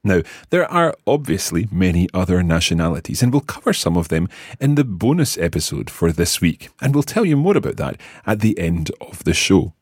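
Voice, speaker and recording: Deep husky Scottish man teaching. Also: very animated, normal speed, few pauses, no echo, clean studio sound. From Scotland. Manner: patient, clear, modelling words for learners. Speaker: language teacher. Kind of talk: podcast language lesson.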